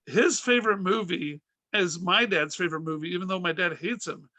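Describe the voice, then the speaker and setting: A man's voice: sits high, fairly quick, bright, forceful tone, no room sound. A middle-aged man hosting a podcast, telling rambling comic anecdotes with restarts and acted-out quotes. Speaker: podcast host and stand-up comic. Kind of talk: casual comic storytelling.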